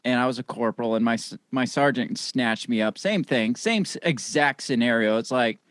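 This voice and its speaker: Casting: male podcast guest, mid-pitched voice, dry close sound, laughing profane banter. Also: moderate pace, fairly bright tone, clear, resonant tone, no echo. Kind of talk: casual podcast chat.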